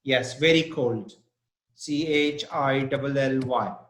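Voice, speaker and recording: Slow, patient man teaching vocabulary. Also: medium pitch, fairly bright tone, roomy sound. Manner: slow, patient, spells words out letter by letter. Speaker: English teacher. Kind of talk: online vocabulary lesson.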